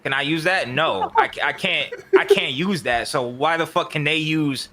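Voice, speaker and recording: A man's voice: mid-range voice, normal speed, a little hiss or hum. A man hosting a casual esports podcast, ranting in a heated, profane way. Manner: heated, profane, animated rant. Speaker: podcast host.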